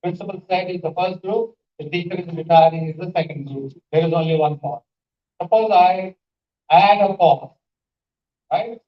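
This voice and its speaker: This man has a high voice and talks at a normal speed while lecturing a conference crowd on pronunciation, performing example sentences and posing questions to listeners. He is a panelist teaching English in a lecture style built on spoken examples. The recording, made in a large hall, is echoey and picked up by a dull, faraway microphone.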